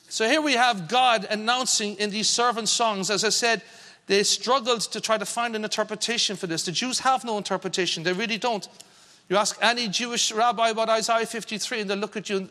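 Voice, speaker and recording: Male preacher, sermon delivery, high, bright tone, long hall reverb. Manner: earnest, reads scripture slowly with emphasis.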